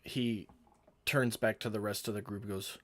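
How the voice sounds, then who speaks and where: A low-voiced man narrates what his character does in a tabletop game and speaks of him in the third person. His delivery is plain and steady. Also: normal speed, a little hiss or hum. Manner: describes actions in third person. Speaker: player. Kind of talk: tabletop role-play narration.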